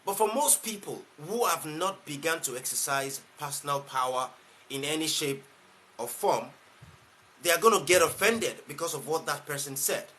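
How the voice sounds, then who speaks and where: A life coach with a Nigerian English accent speaks on a live stream in a bright, forceful voice pitched a little above most men. He is emphatic, repeats his key lines for weight and keeps asking rhetorical questions. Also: expressive, normal speed, a little hiss or hum. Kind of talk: motivational live-stream talk.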